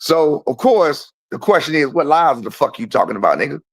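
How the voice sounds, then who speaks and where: A man's voice: fairly high pitch, big pitch swings, a little fast, no echo. A man on a call-in show, telling a heated story in casual talk, profane and boastful.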